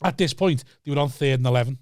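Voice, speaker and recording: A man's voice: mid-range voice, fast, no room sound, studio quality. A man co-hosting a podcast, telling a story in casual chat, swearing freely and acting out the quotes. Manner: swears freely, acts out quotes with lively voices. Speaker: podcast co-host.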